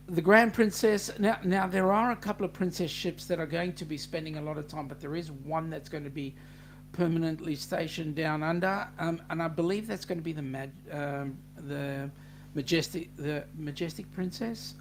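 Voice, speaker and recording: A man's voice: on the high side, fairly even intonation, normal speed, a little hiss or hum. A man with an Australian accent hosting a casual livestream, reading out viewer comments and chatting with many fillers. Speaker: livestream host.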